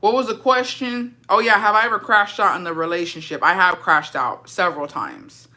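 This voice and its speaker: A woman's voice: fairly low pitch, lively intonation, fairly quick, sharp tone. A young woman livestreaming, chatting casually and answering viewer comments in a blunt, profane and dramatic way.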